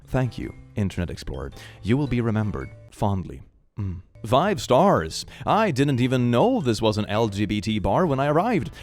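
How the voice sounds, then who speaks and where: A man hosting a comedic reaction video, reading posts aloud and riffing on them sarcastically, often breaking into laughter. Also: medium pitch. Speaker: host reading and reacting to social media posts.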